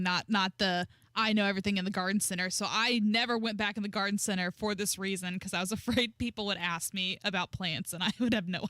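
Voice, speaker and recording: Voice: mid-range voice, pushed and bright, no echo, studio quality. A radio co-host chatting casually and laughing easily.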